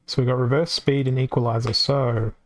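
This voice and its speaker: A man's voice: mid-range voice, flat delivery, brisk. A man with an Australian accent giving casual live-stream commentary on a card game, chatty and reacting aloud as it plays out.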